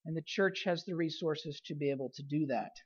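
A woman pastor preaching a sermon, repeating key phrases for emphasis and letting her voice fall softly at the end of phrases. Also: sits low, fairly quick, husky, highs cut off.

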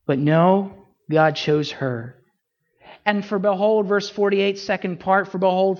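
A woman preaching a sermon, asking rhetorical questions and swinging her pitch widely for emphasis. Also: a little mellow, lo-fi sound.

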